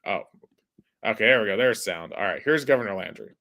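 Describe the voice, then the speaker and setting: A man's voice: fairly low pitch, animated, fairly quick, bright, forceful tone. A man hosting a casual sports podcast, chatty and filling his talk with "like". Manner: chatty, heavy use of "like". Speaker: podcast host.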